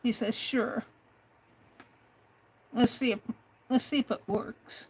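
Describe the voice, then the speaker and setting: A woman hosting a craft livestream talks to a chatbot in a slow, hesitant way, full of little fillers. Her voice sits a bit high. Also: fairly even intonation, a little mellow, husky, poor audio. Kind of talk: casual livestream talk to a chatbot.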